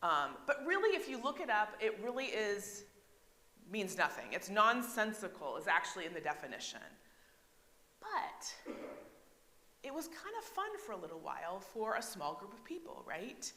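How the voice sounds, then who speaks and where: A woman's voice: mid-range voice, very animated, normal speed, pushed and bright. Woman pastor preaching, bouncy intonation, lots of "right?", long church echo. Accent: American. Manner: chatty, asks the congregation questions, frequent "right?". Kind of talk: conversational sermon. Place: church sanctuary. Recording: echoey church hall.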